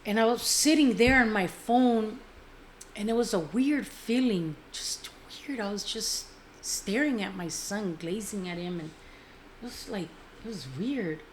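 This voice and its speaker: A woman's voice: medium pitch, lively intonation, measured pace, slight background noise. Middle-aged woman telling her story in an interview, earnest, cusses casually, slips in spanish words, normal mid voice. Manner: candid, earnest, casual swearing. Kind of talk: personal storytelling.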